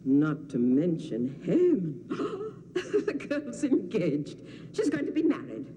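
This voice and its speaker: A fussing old nursemaid scolds and frets in a mellow, darkish voice that swoops up and down. The delivery is film-drama acting, doting underneath the nagging. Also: female voice, on the low side, slow pace, long reverb tail, a little hiss or hum, full character voice. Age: older. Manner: scolding, fretful, lively sing-song.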